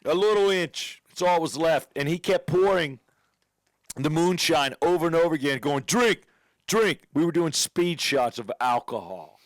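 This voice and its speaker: A man's voice: a little high, animated, moderate pace, no echo. A young adult man telling a rowdy story in casual podcast banter. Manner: rowdy storytelling, mock accents. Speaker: podcast co-host.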